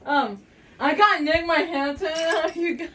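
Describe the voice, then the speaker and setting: A woman vlogging to her phone in a giggly, excitable way, calling out to her viewers over and over. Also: very high-pitched, measured pace, recorded from a distance. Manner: giggly, excitable, keeps saying "you guys". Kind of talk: casual phone vlog. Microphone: phone set down nearby.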